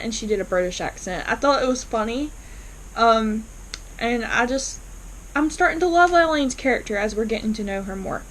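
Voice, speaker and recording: A woman's voice: on the high side, fairly bright tone, low-quality recording. A woman casually recapping a TV episode, chatty, with frequent ums and restarts as she retells scenes. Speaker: TV episode reviewer.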